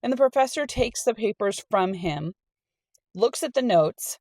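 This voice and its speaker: A middle-aged woman reading a storytime aloud and telling her own college story in a chatty, animated way. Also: mid-range voice, measured pace, dry recording. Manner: chatty and animated, acts out quoted people. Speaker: storytime reader and channel host. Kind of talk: casual storytime reading with personal anecdote.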